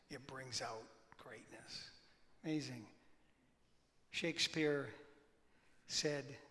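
Animated man preaching in a reverberant hall. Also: medium pitch. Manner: animated storytelling, bursts of loud excitement; softer, slower and reverent in prayer. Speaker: pastor. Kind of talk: informal sermon and prayer.

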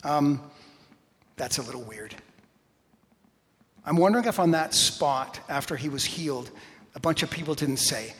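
A man preaching a sermon as pastor, energetic and emphatic, with quick asides. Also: on the high side. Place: church sanctuary. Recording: long reverb of a large hall.

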